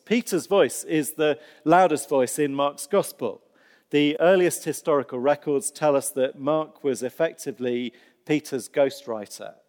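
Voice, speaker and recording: A man preaching a sermon, telling stories with animated delivery and dry, self-deprecating humor. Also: medium pitch. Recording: long hall reverb.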